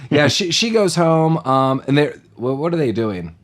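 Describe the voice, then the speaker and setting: A man's voice: a little high, big pitch swings, normal speed. A man co-hosting a podcast in a casual movie-recap chat, rambling and jokey, acting out lines from the film. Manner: rambling, jokey, acts out quotes. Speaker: podcast co-host.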